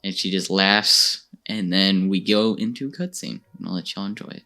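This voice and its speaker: Guy talking through his gaming day, kinda low voice, rambly and laughing a lot. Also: moderate pace. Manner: rambling, animated storytelling with frequent laughs. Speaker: gaming channel host. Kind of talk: casual gameplay recap.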